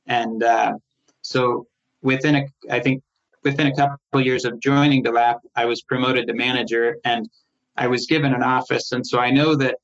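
Middle-aged man, firm manager, recounts anecdotes animatedly with mid pitch; slightly dull recording. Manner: animated, rises in pitch when quoting others, frequent restarts. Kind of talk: conversational storytelling interview. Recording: slightly muffled, lo-fi sound.

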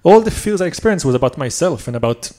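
A man's voice: fairly high pitch, very animated, fast talker, warm tone. A man telling a personal story on stage at a live show, earnest and self-critical.

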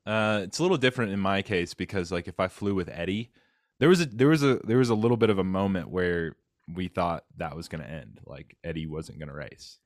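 A man hosting a casual chat, retelling a story with lively quoted voices and many fillers. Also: low-pitched, brisk, no room sound, clean studio sound. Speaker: podcast host, fellow cyclist.

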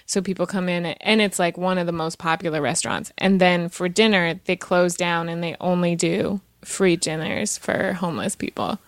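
A woman's voice: fairly low pitch, fairly even intonation, moderate pace, hardly any pauses, no echo, clean studio sound. A woman hosting a podcast in casual chat, chatty and giggly, with many fillers. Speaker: podcast host.

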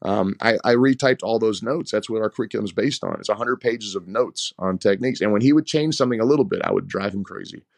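Coach guy rambling through stories, kinda low voice, dry close mic, repeats himself a lot. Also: quick pace, few pauses, dry recording. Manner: animated, rambling, repeats words. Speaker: head wrestling coach. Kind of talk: casual interview storytelling.

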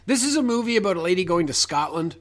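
A man co-hosting a casual film podcast, tossing in jokey, sarcastic asides as he talks. His voice sits a little on the high side for a man. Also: big pitch swings, quick pace. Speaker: podcast co-host. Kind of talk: casual chat about an old film.

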